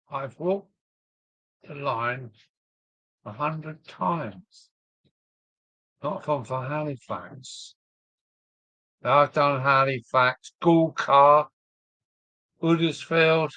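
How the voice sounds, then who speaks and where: Older southern english host, slow rambling live-stream chat, dry close sound. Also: male voice, a little high, gravelly, fairly bright tone, dry recording. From southern England. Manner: rambling, chuckling, reading viewer comments aloud. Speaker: model railway live streamer. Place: home loft.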